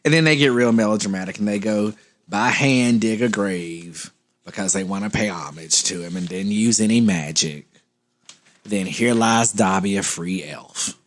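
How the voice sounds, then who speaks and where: A man's voice: on the low side, normal speed. A man, co-hosting a comedy podcast, telling stories playfully and laughing often. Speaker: podcast co-host. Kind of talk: casual comedic chat.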